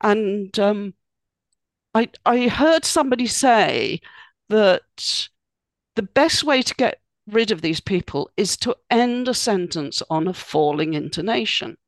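A woman talks through practical advice as a podcast guest. She explains things casually, filling pauses with "um" and "you know". Her voice is recorded close on a dry, roomless mic. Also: mid-range voice, expressive, no room sound. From United Kingdom. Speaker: guest expert.

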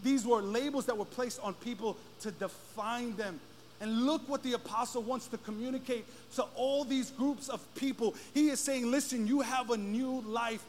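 A man preaching a sermon as pastor, often rising into shouted, drawn-out lines. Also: very high-pitched, a little hiss or hum. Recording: long hall reverb.

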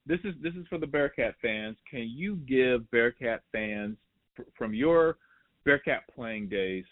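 A man hosting a casual interview, asking questions in a relaxed way with a few "um" fillers. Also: medium pitch, measured pace, no room sound. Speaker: podcast host, interviewer. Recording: phone-like line.

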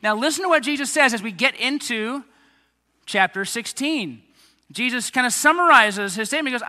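A man preaching a sermon to a young congregation, animated and speaking straight to them. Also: very high-pitched, normal speed, big-room sound. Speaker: pastor.

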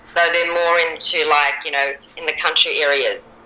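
A woman's voice: low voice, steady tone, moderate pace, crowd noise, poor audio. An Australian woman in her fifties, a guest actor chatting casually in an interview, with frequent ums. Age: 50s.

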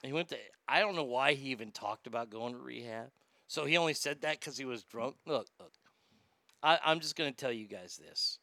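A man's voice: mid-range voice, animated, moderate pace, pushed and bright, no echo. Profane, rambling male podcast host. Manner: profane, rambling, reads listener comments aloud. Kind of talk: casual commentary.

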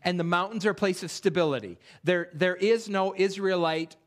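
A man preaching an expository sermon in a church, reading scripture aloud and posing rhetorical questions with animated delivery. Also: high-pitched, normal speed. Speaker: pastor. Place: church sanctuary.

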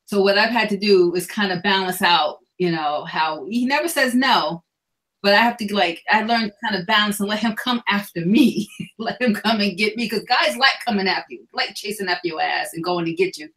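A woman's voice: medium pitch, brisk, a bit bright, rough recording. A middle-aged woman speaking frankly and earnestly as a guest on a candid panel discussion. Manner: frank, sexually explicit, earnest.

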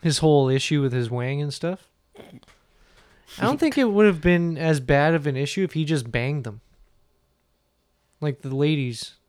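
A man's voice: fairly high pitch, animated, measured pace, long pauses, darkish tone, smooth, no room sound, studio quality. A man co-hosting a podcast in loose, crude, laughing casual banter. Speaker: podcast co-host. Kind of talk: casual chat.

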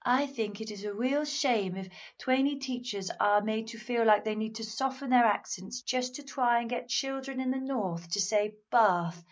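An actress playing an earnest, instructive voice coach in a comedy panel sketch. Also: female voice, a little high, normal speed, hardly any pauses, muffled recording, natural voice.

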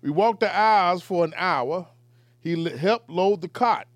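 High-voiced man in loose group banter. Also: expressive, measured pace, no echo. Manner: loose, laughing, stumbles over words. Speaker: podcast co-host reading listener stories.

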